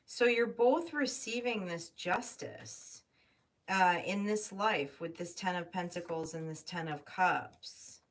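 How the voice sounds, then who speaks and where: A woman's voice: on the low side, slow pace. A woman giving a live tarot reading, thinking aloud and emotional, swearing casually. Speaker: tarot reader. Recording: distant mic with faint noise.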